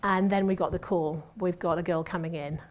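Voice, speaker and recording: A woman's voice: on the low side, fairly even intonation, fairly quick. Woman telling a chatty testimony. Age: 50s. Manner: chatty, self-mocking storytelling with laughs and asides. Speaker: church speaker and former nurse. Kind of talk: testimony sermon to a congregation.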